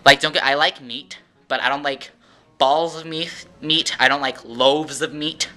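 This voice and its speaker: A man telling a rambling, animated story in a casual vlog, acting out the voices of the people in it. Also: a little high, unhurried. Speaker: vlogger.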